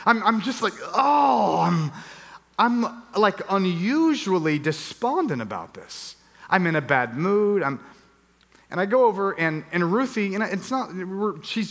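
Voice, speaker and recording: A man's voice: fairly high pitch, fairly bright tone. A middle-aged man preaching a sermon, telling a personal story and acting out his own reactions with animation. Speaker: pastor. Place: church hall. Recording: long reverb of a church hall.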